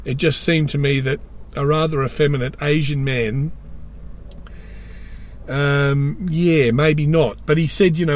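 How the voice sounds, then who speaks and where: A man's voice: fairly high pitch, fairly even intonation, a little slow, long pauses, soft background music. An Australian man delivering a rambling comic monologue with wry, sardonic asides.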